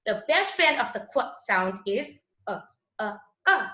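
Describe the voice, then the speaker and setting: A woman leads a children's phonics lesson at an unhurried pace, patient and sing-song. Her voice is bright and clear. The recording is roomy with a dull lo-fi sound. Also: fairly high pitch, very animated. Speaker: teacher. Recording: echoey, dull lo-fi room sound.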